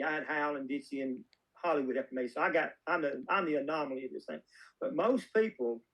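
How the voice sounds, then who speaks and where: A man with a somewhat high voice, chatting as a guest filmmaker. He tells folksy, meandering stories, circling back and restarting his sentences. His delivery is loose and conversational. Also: a bit bright, low-quality recording. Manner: folksy, rambling anecdotes with many restarts. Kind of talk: casual interview storytelling.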